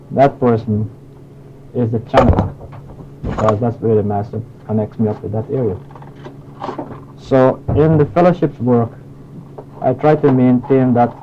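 A man giving an informal spiritual lecture and taking questions, talking in a halting way with many restarts and fillers. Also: mid-range voice, lo-fi sound, background noise. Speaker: spiritual teacher.

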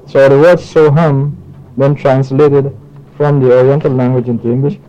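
A man giving an informal spiritual lecture and taking questions, talking in a halting way with many restarts and fillers. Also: mid-range voice, little pitch movement, warm tone, highs cut off. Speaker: spiritual teacher.

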